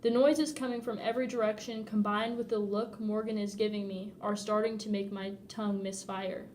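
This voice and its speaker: A woman reading a novel aloud in first person, expressive and often laughing at the text. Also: mid-range voice, normal speed, a little hiss or hum. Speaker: audiobook reader.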